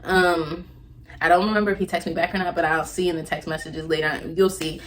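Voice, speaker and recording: A woman's voice: fairly low pitch, steady tone, fairly quick, slight background noise. Rambling young woman telling a story. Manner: rambling, self-correcting, many fillers. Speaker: vlogger. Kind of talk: personal storytelling.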